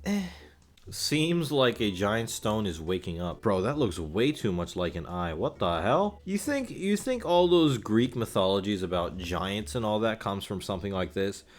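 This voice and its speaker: A young man giving casual, joking reaction commentary as a YouTuber, animated and full of swearing. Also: fairly low pitch, moderate pace.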